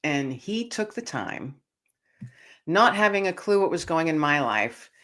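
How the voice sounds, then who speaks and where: A woman's voice: low voice, big pitch swings, unhurried, fairly bright tone. A woman hosting a podcast, tearful and earnest as she tells a personal story and speaks directly to her listeners. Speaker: podcast host.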